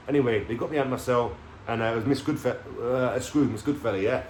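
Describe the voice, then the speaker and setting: Man, streetwise vlogger telling his story, swears freely, tags lines with "yeah?", mid-pitched, in a roomy echoey space. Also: fairly even intonation, fast. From London. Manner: streetwise slang, swearing, keeps checking in with "yeah?". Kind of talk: casual storytelling to camera. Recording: echoey room with faint background noise.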